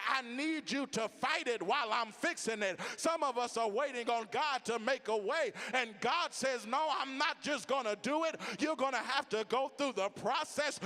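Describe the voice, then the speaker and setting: A man preaching a sermon to an audience, with a rhythmic, repetitive cadence and call-outs to the crowd, building to shouted, half-sung climaxes. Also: extremely high pitch, big-room sound.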